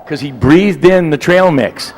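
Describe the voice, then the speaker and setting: A man's voice: fairly high pitch, measured pace, darkish tone, in a large hall, a little hiss or hum, poor audio. A man in his sixties telling a long, rambling anecdote, acting out voices and sounds as he digresses. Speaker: guest storyteller.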